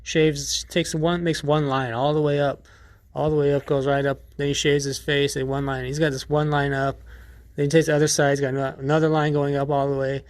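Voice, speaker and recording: A man's voice: a little high, level tone, fairly quick, dry recording. A man hosting a podcast in a casual monologue, rambling and profane, with many restarts. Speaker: podcast host.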